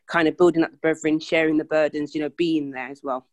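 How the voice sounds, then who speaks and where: A woman's voice: sits low, steady tone, fast, dry recording. A woman taking part in a Bible study discussion, explaining her point thoughtfully. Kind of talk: group discussion.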